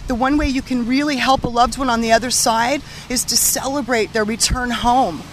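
A woman working as a medium, telling stories in an animated, casual conversation with frequent laughter. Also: fairly high pitch, moderate pace, a little hiss or hum.

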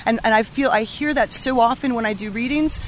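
A woman working as a medium, telling stories in an animated, casual conversation with frequent laughter. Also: fairly high pitch, fairly quick, slight background noise.

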